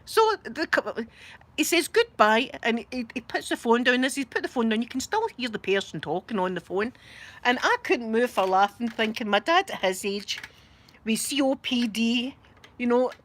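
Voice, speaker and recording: A middle-aged Scottish woman hosting a live stream, telling funny stories in a casual, animated way and often laughing. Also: fairly high pitch, normal speed. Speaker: livestream host. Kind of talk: casual storytelling.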